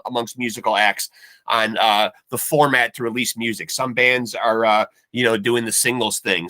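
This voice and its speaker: A man's voice: mid-range voice, pushed and bright, dry recording. A man hosting a podcast, asking long, rambling interview questions full of fillers. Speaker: podcast host.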